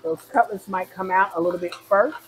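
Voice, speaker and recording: A woman's voice: fairly low pitch, fairly quick, soft background music, rough recording. A woman cooking at the stove in a home kitchen, chatting casually and narrating each step for her viewers. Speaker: home cook.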